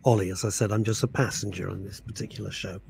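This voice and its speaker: A man's voice: lowish voice, fairly even intonation, fast talker, gravelly, a little mellow, a little hiss or hum. A man co-hosting a podcast, speaking in a wry, self-deprecating way. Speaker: podcast co-host. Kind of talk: casual podcast chat.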